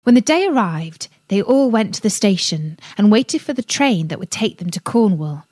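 A woman reading a children's story aloud on a radio show, gentle and expressive. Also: mid-range voice, normal speed, no room sound.

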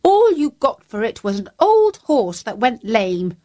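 A woman voicing a distressed, hungry housewife who scolds in a shrill, high-pitched voice. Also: big pitch swings, a little slow, darkish tone. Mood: scolding.

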